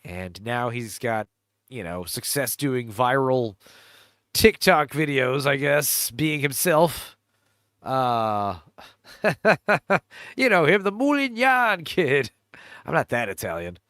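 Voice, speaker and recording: In a slow, sing-song delivery, a man with a mid-range, fairly bright voice hosts a loose podcast riff on a movie trailer, full of fillers, laughs and crude humor. The audio is dry and of studio quality.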